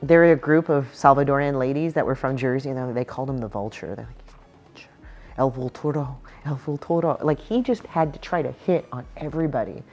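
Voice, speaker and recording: A woman's voice: rumbling low, lively intonation, fairly quick, a little mellow, muffled recording, faint music behind. A woman comic artist chatting casually about her book, blunt and profane, often acting out quotes from people in her stories. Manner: acts out quotes in other voices.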